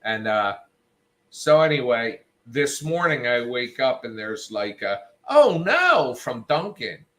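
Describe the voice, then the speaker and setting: A man's voice: mid-range voice, a little slow, fairly bright tone. A man hosting a show, telling a story in a casual, profane, worked-up rant and quoting people in raised voices. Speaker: show host.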